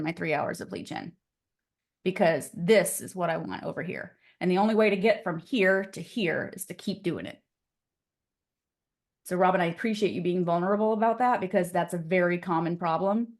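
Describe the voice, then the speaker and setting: A woman teaching real estate agents on a live video call. Her delivery is energetic and chatty, scattered with "like" and "okay?" as she pushes the group along. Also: on the low side, normal speed. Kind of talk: live online class coaching.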